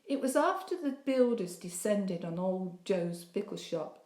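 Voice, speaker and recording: A woman narrating a novel as an audiobook, lifting her voice for the dialogue. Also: dark tone. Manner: reads the dialogue with a lifted, higher voice. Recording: roomy echo.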